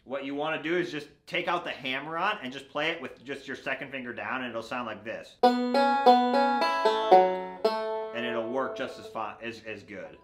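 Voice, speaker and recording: A man teaching a beginner banjo lesson in a relaxed, step-by-step way, often checking in with "right?". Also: medium pitch, a little fast, hardly any pauses, loud music behind the voice. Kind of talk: casual instructional talk. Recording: echoey room with loud banjo. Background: banjo playing.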